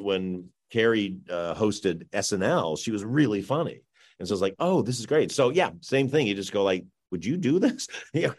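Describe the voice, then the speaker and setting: A middle-aged man, a film director, answering interview questions in a chatty, rambling way, often laughing and saying "you know". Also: low voice.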